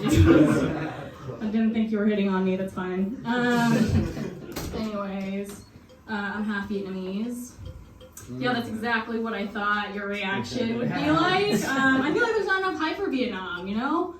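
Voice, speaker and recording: A young woman performing a deadpan stand-up set, laughing at her own jokes. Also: fairly high pitch, normal speed, heavy background noise. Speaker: stand-up comic. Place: basement comedy show. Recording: echoey basement, far from mic, crowd. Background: audience laughter.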